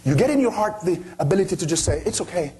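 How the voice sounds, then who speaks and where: A motivational speaker with a high, sing-song, mellow voice talks fast as he gives an impassioned speech to an audience. He drives his points home with rhetorical questions and sweeping rises and falls in his voice.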